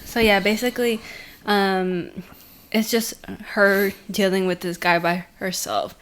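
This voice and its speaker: A woman co-hosting a podcast, retelling a horror episode in a casual, animated way with lots of "like". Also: medium pitch, slight background noise. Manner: animated retelling, says "like" often, quick laughs. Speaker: podcast co-host. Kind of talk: casual chat.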